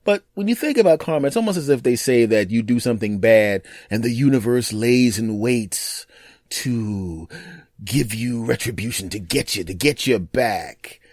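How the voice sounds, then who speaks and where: A man hosting his own podcast, telling stories in a casual monologue and acting out other people's lines in quick put-on voices. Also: medium pitch, animated, a little mellow, dry recording, studio quality. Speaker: podcast host.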